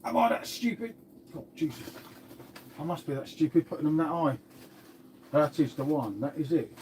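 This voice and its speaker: A man's voice: fairly high pitch, very animated, moderate pace, a little mellow, slight background noise. An English man chatting casually on a live stream, answering viewer comments in a laid-back way and calling everyone mate.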